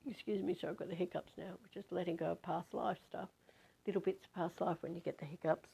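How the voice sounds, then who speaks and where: A woman healer leading a guided healing meditation, with slow, soothing, repetitive instructions that sink into soft whispers. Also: lowish voice, steady tone, creaky, husky. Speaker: spiritual healer.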